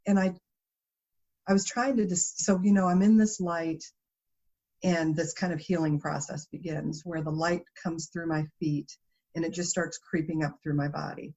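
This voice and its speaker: Female guest, animated storyteller, lower-pitched, lo-fi interview recording. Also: moderate pace. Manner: animated storytelling, laughs often. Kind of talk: conversational interview. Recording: dull lo-fi interview audio.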